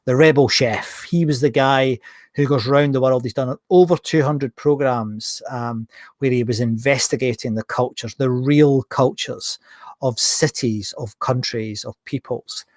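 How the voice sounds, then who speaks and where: A middle-aged man hosting a podcast, telling travel anecdotes in a casual, animated way. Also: medium pitch, a little slow, no room sound, clean studio sound. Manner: animated, acts out dialogue in anecdotes. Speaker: podcast host. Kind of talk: casual storytelling monologue.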